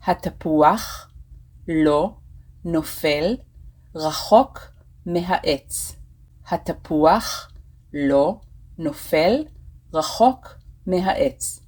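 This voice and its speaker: Woman teacher, lowish voice, slow clear repeats, scripted video lesson. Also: a little mellow, rough recording. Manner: clear, slow repetition of phrases. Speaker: Hebrew teacher.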